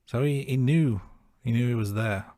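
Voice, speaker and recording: A man co-hosting a podcast, recapping a film scene by scene in a relaxed, self-deprecating way. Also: mid-range voice, normal speed, no room sound, studio quality. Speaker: podcast co-host. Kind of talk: casual film-review chat.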